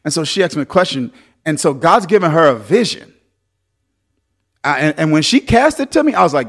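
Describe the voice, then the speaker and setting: A man preaching a sermon as pastor, swinging between loud, lively exhortation and softer storytelling. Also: on the high side, brisk, pauses often.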